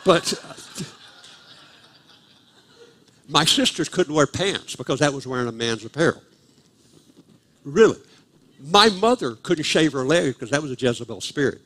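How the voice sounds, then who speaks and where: Older man guest preacher, slightly high voice, dry self-mocking humor, live church sermon. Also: lively intonation, measured pace, pauses often, a bit bright. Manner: humorous, self-deprecating storyteller. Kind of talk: storytelling sermon. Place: church sanctuary, live service.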